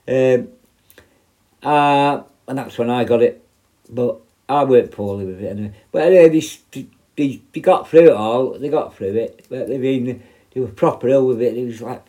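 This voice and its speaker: A man's voice: mid-range voice, warm tone. Sweary man telling stories. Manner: rambling and heavily sweary. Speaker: former prison officer. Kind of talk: casual spoken storytelling.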